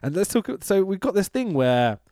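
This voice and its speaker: A man co-hosting a wrestling podcast, recapping a match in casual chat, excitable and quick to laugh and swear. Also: high voice, dry recording, studio quality. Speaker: podcast co-host.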